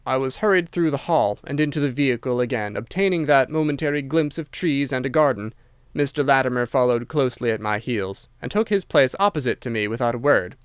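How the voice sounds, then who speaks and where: A male audiobook narrator reading a classic tale in a measured, even storytelling manner. His voice is smooth and resonant at a middle pitch. The recording is close and dry. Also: dry recording.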